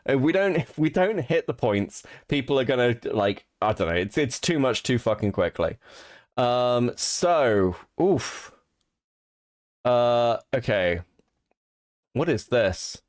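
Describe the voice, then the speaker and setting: A man's voice: medium pitch, expressive, takes it slowly. Rambling, foul-mouthed male streamer. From Europe. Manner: rambling and profane, thinking aloud. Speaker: streamer host. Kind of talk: casual livestream commentary.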